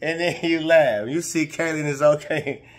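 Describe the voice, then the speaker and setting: A man with a somewhat high-pitched voice talks through basketball clips in casual, slang-heavy speech. He sounds indignant and heated, and his voice jumps higher and louder when he gets outraged. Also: normal speed. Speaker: sports commentator. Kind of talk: reaction video commentary.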